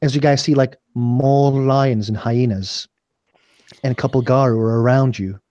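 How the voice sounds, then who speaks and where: A man's voice: medium pitch, steady tone, moderate pace, dark tone, no echo, muffled recording. A young man running a tabletop role-playing game, narrating casually with lots of fillers. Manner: casual, rambling, many fillers. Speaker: game master.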